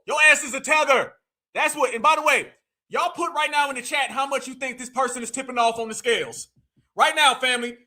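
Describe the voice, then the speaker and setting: A man hosting a live commentary stream, talking in an animated, mocking, preachy way and sometimes shouting. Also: very high-pitched. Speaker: livestream host.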